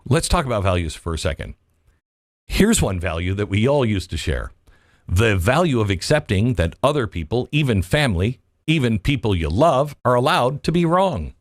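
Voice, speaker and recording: A man's voice: mid-range voice, no echo, clean studio sound. A man hosting a political opinion show, delivering a monologue full of rhetorical questions and folksy asides. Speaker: political commentary host.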